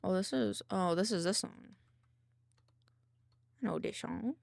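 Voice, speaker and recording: Gravelly, chatty woman streamer. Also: medium pitch, measured pace, darkish tone, no echo. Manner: rambling, with many likes and restarts. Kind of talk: casual chat while working.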